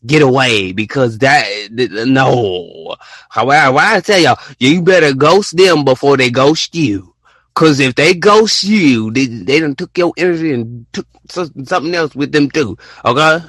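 Bright-voiced young man rambling casually. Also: mid-range voice, animated, a little slow, slightly rough, no echo. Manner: rambling, repeats words, acts out texting conversations. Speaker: podcast host. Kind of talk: casual solo podcast talk.

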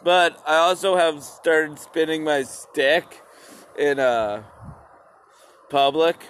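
A man records his podcast outdoors and talks slowly, drifting from thought to thought. His voice sits a little high. He swears casually and speaks straight to his listeners. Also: steady tone, fairly bright tone, slight background noise. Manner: rambling and profane, addresses listeners as "peoples". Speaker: podcast host. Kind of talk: casual solo podcast monologue.

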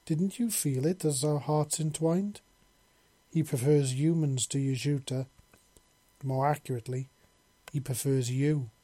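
Male narrator doing a brash, teasing lizard-woman, dark husky tone, slightly raised pitch. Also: unhurried, dry recording. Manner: bold, teasing, warm-hearted. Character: confident flirtatious female lizard-folk woman.

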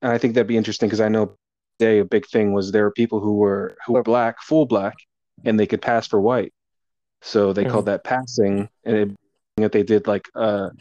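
A low-voiced young man speaks in a relaxed, reflective way, chatting casually. The recording is dry and a bit dull and lo-fi. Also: a little fast, no room sound. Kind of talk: casual conversation. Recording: dull lo-fi sound.

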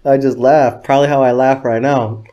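A man's voice: mid-range voice, fairly even intonation, moderate pace, warm tone, highs cut off. Profane, rambling male interview guest. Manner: profane, loose, rambling anecdotes with quoted dialogue. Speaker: guest, videographer. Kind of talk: casual interview storytelling.

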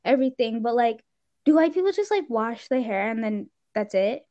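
A teenage girl in casual chat, animated, with quick asides and expressive exclamations. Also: a little high. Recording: dull lo-fi sound.

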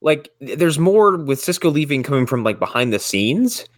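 A man's voice: on the high side, big pitch swings, normal speed, no room sound. A man co-hosting a podcast, chatting casually about TV episodes and rambling with lots of hedging fillers. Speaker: podcast co-host. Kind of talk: casual chat reviewing TV episodes.

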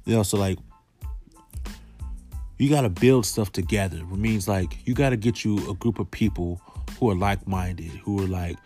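A man's voice: sits low, normal speed, pauses often, dark tone, soft background music. A man comedian riffing through loose, rambling slangy jokes in a monologue vlog.

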